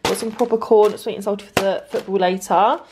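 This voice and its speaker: A woman's voice: medium pitch, steady tone, brisk, background noise. A young woman chatting casually at home in a vlog, peppering her talk with "literally". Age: young adult. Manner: chatty, says "literally" constantly. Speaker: vlogger.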